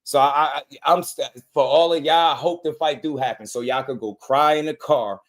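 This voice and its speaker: A man's voice: a little high, moderate pace. A man hosting a boxing channel, delivering a heated, confrontational rant full of repeated lines. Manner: fired-up, repetitive, confrontational.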